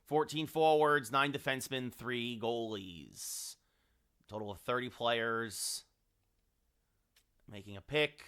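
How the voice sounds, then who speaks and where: A man's voice: medium pitch, slow, long pauses, a bit bright, clear, resonant tone. A man streaming a hockey game late at night, rambling and thinking aloud as he scrolls through players and chats with his viewers. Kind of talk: live game-stream commentary.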